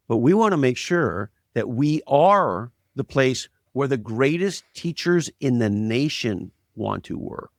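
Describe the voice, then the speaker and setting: Male guest, blunt and emphatic storyteller, average pitch, dry close-mic sound. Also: no room sound. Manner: emphatic, blunt, makes points with anecdotes. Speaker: interview guest. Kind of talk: conversational interview, storytelling.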